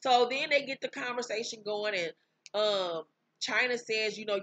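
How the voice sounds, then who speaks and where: A woman's voice: on the high side, moderate pace, pushed and bright, dry recording, low-quality recording. A woman host giving a blunt, candid, profane recap in casual chat. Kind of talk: casual recap of a reality show.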